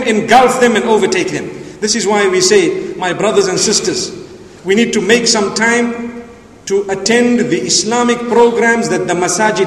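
A man preaching a sermon with passion, asking rhetorical questions and rising to shouts, with Arabic religious phrases mixed in. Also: high-pitched. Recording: echoey hall, voice from far off.

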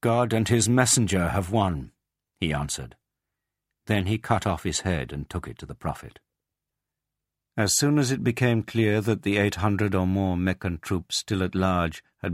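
Deep-voiced man reading a history. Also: no room sound, clean studio sound. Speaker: audiobook narrator. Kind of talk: scripted narration.

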